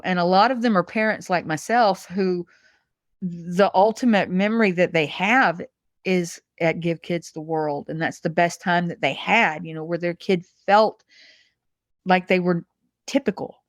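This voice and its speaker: A woman's voice: on the low side, dry recording, clean studio sound. A middle-aged woman, a guest in an interview, speaking in a heartfelt way that halts and restarts often. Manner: heartfelt, halting with repeated restarts. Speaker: guest, massage supplies executive. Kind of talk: emotional interview conversation.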